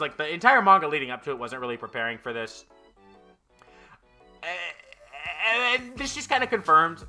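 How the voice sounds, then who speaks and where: A man's voice: fairly high pitch, pushed and bright. A young man casually reviewing manga chapters, swearing a lot and talking with frequent fillers and an exasperated edge. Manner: profane, exasperated, lots of fillers.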